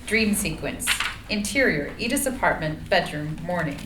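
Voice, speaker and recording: Low-voiced woman reading scene directions, echoey room. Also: expressive, normal speed. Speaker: narrator. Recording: echoey room, faint noise.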